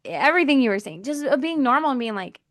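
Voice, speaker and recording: A woman's voice: sits high, very animated, fast talker, fairly bright tone, dry recording, clean studio sound. A young adult woman co-hosting a podcast as a life coach, talking earnestly and reflectively in casual conversation. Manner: earnest, reflective, acts out quoted voices.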